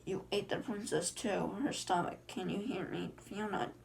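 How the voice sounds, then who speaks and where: A woman reading the lines of a chatty male talking donkey from a film script in her own everyday voice, quick and flat. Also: medium pitch, vocal fry, slight background noise, natural voice. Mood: plain reading. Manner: quick flat read-aloud delivery.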